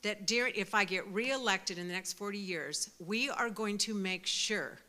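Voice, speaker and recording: A woman in her sixties giving an impassioned speech at a pro-life event, fervent and emphatic, rising to loud peaks. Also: mid-range voice, a little slow. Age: 60s.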